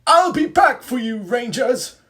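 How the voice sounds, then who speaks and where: A blustering medieval knight monster with a British accent shouts his threats in a very high, strained register. His voice is husky and swoops wildly up and down. It is theatrical villainy in a homemade audio story. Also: sing-song, measured pace, exaggerated voice. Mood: frustrated.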